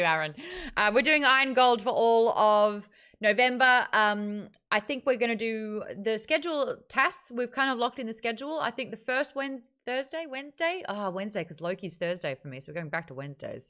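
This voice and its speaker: A chatty woman hosting a livestream book club, her voice bright and sharp. She talks in an animated, casual way, hopping from one topic to the next with a smooth, clear tone. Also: mid-range voice.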